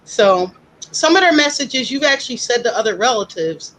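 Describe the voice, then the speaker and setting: A woman psychic co-host who talks in a chatty, animated way during casual live-stream readings. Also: fairly high pitch, moderate pace, poor audio.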